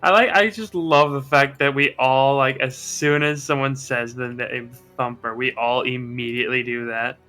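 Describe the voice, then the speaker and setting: A man's voice: mid-range voice, fairly even intonation, moderate pace, few pauses, bright, forceful tone, faint music behind. A man chatting casually with his fellow tabletop players and swearing freely. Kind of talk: casual chat before a tabletop game.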